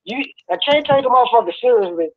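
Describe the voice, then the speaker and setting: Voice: mid-range voice, animated, fast talker. Skeptical co-host on a dull line. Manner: skeptical, grilling questions. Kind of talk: casual call-in banter.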